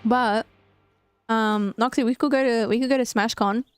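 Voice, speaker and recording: A woman's voice: on the high side, fairly even intonation, normal speed, clear, resonant tone, no room sound, faint music behind. A young woman with an Australian accent, chatting casually and animatedly while gaming, giggling often and swearing freely. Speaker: streamer.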